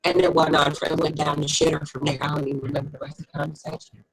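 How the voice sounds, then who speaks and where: A woman hosting a casual late-night chat, talking bluntly and profanely in animated storytelling. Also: deep voice, fast talker, gravelly, slight background noise, rough recording. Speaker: host.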